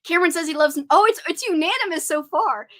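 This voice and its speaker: A young woman hosting a casual live stream, chatting excitedly and reading out viewer comments. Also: very high voice, quick pace.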